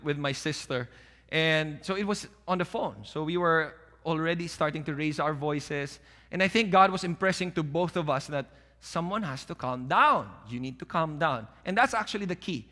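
Man preaching in a church hall; high, bright, animated delivery with long reverb. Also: moderate pace. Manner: animated preaching, drops to soft calm voice when quoting. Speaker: pastor. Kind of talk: sermon.

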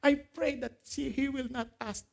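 High-voiced animated male preacher. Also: a little slow, vocal fry. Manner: animated preaching, laughing at own jokes; quotes scripture, asks the audience questions. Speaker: pastor. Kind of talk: sermon.

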